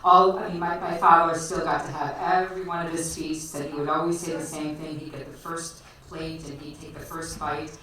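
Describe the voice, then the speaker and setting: A woman's voice: low voice, little pitch movement, normal speed, hardly any pauses, sharp tone. Chicago woman telling a story at a bar night, laughs a lot, far mic, really echoey, faint hiss. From Chicago area. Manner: chatty, laughs often, many fillers. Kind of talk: live personal storytelling. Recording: echoey live room, distant mic, faint noise.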